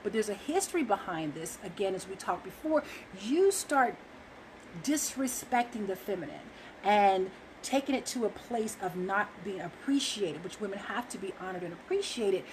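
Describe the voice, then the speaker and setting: A woman's voice: medium pitch, animated, moderate pace, slight background noise, poor audio. A woman talking earnestly to viewers about relationships, emphatic and loose, with frequent fillers. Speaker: relationship speaker. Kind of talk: casual monologue to viewers.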